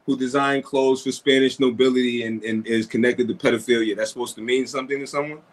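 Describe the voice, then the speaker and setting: A man's voice: medium pitch, steady tone, fast. A man on a livestream panel, lecturing the other side in a preachy way.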